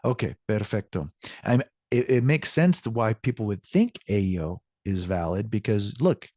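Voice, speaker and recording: Man, Spanish teacher, recorded lesson, patient explanations, lowish voice, dry close sound. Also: lively intonation, moderate pace, dark tone, no room sound. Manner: explains patiently, answers student questions.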